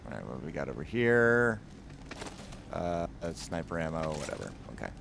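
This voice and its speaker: A man's voice: low-pitched, sing-song, moderate pace, vocal fry, background noise. A man streaming a co-op game, chatting casually with friends, joking and swearing at the game. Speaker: gaming streamer. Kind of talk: casual co-op gaming chat.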